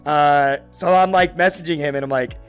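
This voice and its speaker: A young adult man hosting a podcast, telling a story in a casual, excitable way with heavy swearing and lots of fillers. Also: a little high, moderate pace, clean tone, faint music behind. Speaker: podcast host.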